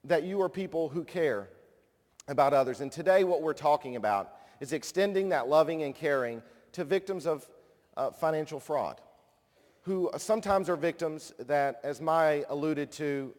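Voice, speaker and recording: A man in his thirties gives a conference speech in a large hall with long reverb, telling a personal story with self-deprecating humor before introducing a guest. His voice is on the high side with a darkish tone.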